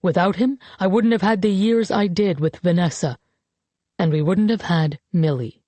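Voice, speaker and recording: A woman voicing a grieving grown man, a father giving a eulogy, in an audiobook; he speaks slowly and measuredly. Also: fairly low pitch, mellow, dry recording, natural voice. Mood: solemn. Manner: slow, measured, solemn speech. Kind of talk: audiobook character reading.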